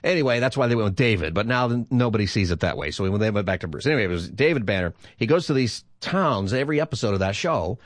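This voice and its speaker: A man's voice: lowish voice, lively intonation, quick pace, few pauses, no echo. A man hosting a call-in radio show as pastor, chatty and laughing easily, speaking into a studio microphone. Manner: chatty, laughs easily, repeats the phone number. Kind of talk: casual call-in radio chat.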